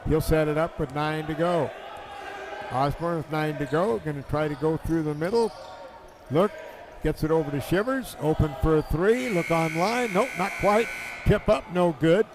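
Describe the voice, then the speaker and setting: A man calling a basketball game play by play, excitable and quick in bursts. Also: on the high side. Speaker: play-by-play announcer. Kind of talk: live basketball commentary.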